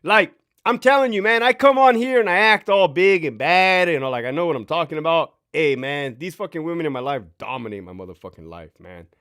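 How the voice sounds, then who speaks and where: A man's voice: on the high side, expressive, a little fast, fairly bright tone, smooth, no echo, studio quality. A man in his thirties hosting a casual livestream from home, cursing freely, laughing and answering chat comments. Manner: profane, boastful, laughing, addresses chat directly. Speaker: livestream host.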